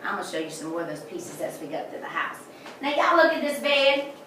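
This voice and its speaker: A woman's voice: mid-range voice, big pitch swings, fairly quick, fairly bright tone, slight background noise. A woman guiding visitors through a historic house, telling folksy stories with jokes. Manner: chatty, folksy storytelling with jokes. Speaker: tour guide. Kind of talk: guided house tour. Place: indoors in a large historic house. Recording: echoey room from far off.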